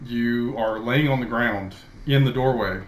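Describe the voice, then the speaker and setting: A man narrating a tabletop game as dungeon master, in a slow, dramatic storytelling manner, speaking into a headset. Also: mid-range voice, slight background noise.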